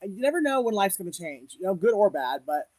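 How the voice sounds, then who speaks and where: A man's voice: high voice, sing-song, fast, a little mellow, no echo, rough recording. A man hosting a casual livestream as a psychic reader, speaking candidly to viewers with frequent laughs and religious conviction.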